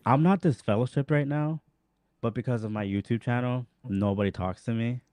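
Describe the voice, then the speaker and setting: A man, a former Jehovah's Witness, telling animated stories on a casual online panel, saying "bro" and "like" a lot. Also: medium pitch, normal speed, dry recording.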